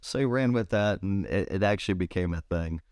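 A man with a Rhode Island accent chats on a podcast in a lowish voice. He tells stories with a lot of animation and leaps up in pitch when he quotes others. The sound is dry and close to the mic. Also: fairly quick, dry recording. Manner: animated storyteller, jumps high when quoting others. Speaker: podcast co-host. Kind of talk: casual chat.

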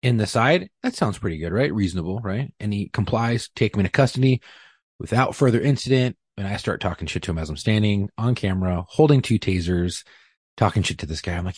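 A man with a husky, somewhat low voice tells a police story in loose podcast chat. He swears a lot and acts out the quotes. The sound is dry and close. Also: brisk, no room sound. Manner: profane, animated, acts out quotes. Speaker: police officer telling a story.

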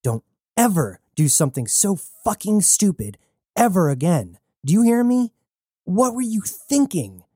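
A man voicing a fierce young woman rebel on a starship, blunt and profane, in a mellow voice. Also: mid-range voice, very animated, moderate pace, dry recording, clean studio sound. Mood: angry.

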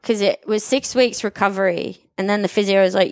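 A woman's voice: medium pitch, fairly even intonation, brisk, a little mellow, no echo, studio quality. A woman in casual conversation, candidly and emotionally telling a personal story of recovery. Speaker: gym member telling her recovery story.

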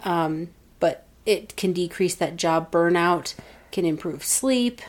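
A woman's voice: lowish voice, slow. A woman in her thirties co-hosting a casual talk show, telling stories in a chatty way. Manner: chatty storytelling, acts out quoted family voices. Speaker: podcast co-host. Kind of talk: casual chat.

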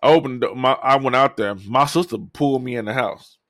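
A man hosts a podcast and tells a long personal story in a loose, profane style. He acts out what the other people in the story said. His voice sits at an ordinary middle pitch, and the recording is close and dry with no room sound. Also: a little fast, a bit bright, no echo. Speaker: podcast host. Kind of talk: casual storytelling.

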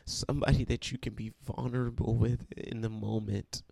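A man's voice: medium pitch, steady tone, moderate pace, creaky, hardly any pauses, a little mellow, no room sound. A young man giving an emotional testimony and then leading a prayer as a preacher. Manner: earnest, emotional storytelling.

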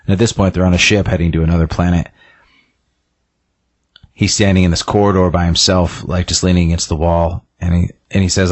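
A young man hosts a casual recap, stumbling through with lots of fillers and restarts. His voice sits very low and deep. It sounds like relaxed podcast chat. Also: no echo. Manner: halting, many fillers and repeated words. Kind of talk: casual comic book recap.

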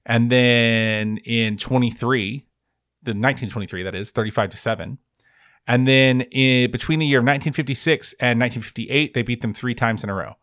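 A man's voice: mid-range voice, brisk, a bit bright, dry recording, studio quality. A man co-hosting a sports podcast, chatting in a wry, rambling way and often correcting himself. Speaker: podcast co-host. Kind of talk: casual sports chat.

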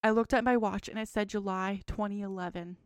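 Casting note: twenties woman, podcast co-host, rambling storyteller, resonant clean voice, mid pitch. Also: steady tone, brisk, no echo, clean studio sound. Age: 20s. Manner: rambling, frequent "like" fillers. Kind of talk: casual chat, reading a dream journal.

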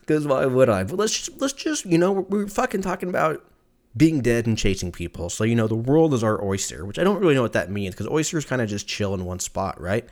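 A man hosting a solo podcast, rambling through a profane, joking rant and laughing often, his voice jumping up when excited. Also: brisk. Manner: animated, jumps pitch when excited. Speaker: podcast host.

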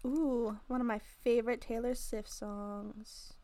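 Giggly high-voiced young woman podcaster. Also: steady tone, unhurried, dark tone, no echo. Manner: giggly, teasing. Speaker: podcast co-host. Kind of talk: casual chat, word game.

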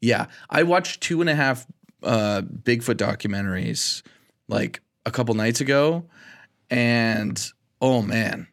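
A man co-hosting a podcast in loose, casual conversation. He talks in an excitable, animated way and keeps dropping "dude" into his sentences. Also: mid-range voice, slow pace, gravelly. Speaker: podcast co-host. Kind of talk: casual chat.

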